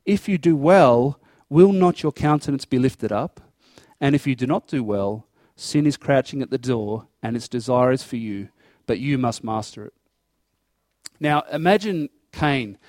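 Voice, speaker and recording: A man's voice: mid-range voice, lively intonation, unhurried, a little mellow, dry recording, clean studio sound. A man preaching a sermon, explaining scripture verse by verse and acting out dialogue in an earnest tone. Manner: earnest expository preaching, acting out God's voice in quotes.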